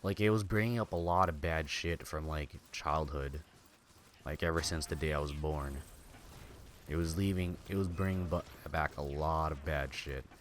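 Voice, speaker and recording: A man's voice: a bass voice, steady tone, moderate pace, slight background noise. A man streaming a game, venting in rambling casual chat full of filler words and swearing. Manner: venting, bitter. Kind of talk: casual chat while gaming.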